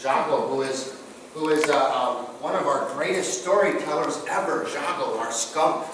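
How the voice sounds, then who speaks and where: A man presents to a live audience, telling stories and asking the listeners questions in a folksy manner. He is far from the mic in a very echoey room, and steady noise runs behind his voice. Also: fairly high pitch, normal speed. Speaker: guest presenter on tribal culture. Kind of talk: storytelling talk to a group.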